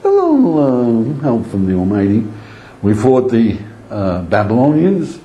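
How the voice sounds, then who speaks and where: A man's voice: fairly low pitch, huge pitch swings, a little slow, muffled recording, slight background noise. A man giving a rabbi's lecture, telling stories with animation, acting out inner voices and chuckling often. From Israel. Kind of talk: Torah lecture to an audience.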